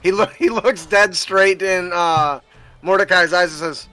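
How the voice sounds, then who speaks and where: A man playing a tabletop game, excitable and quick to laugh. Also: high voice, clean tone, soft background music. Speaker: player.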